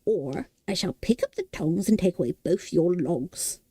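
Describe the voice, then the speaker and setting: A woman's voice: on the low side, expressive, a little slow, mellow, husky, no room sound. A woman voicing a fierce, bossy old woman in a storybook reading.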